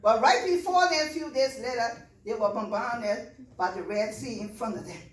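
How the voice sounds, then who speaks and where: A woman's voice: on the high side, normal speed, echoey room, distant mic, poor audio. A woman preaching a sermon to a church, building to fervent, repetitive calls to the congregation.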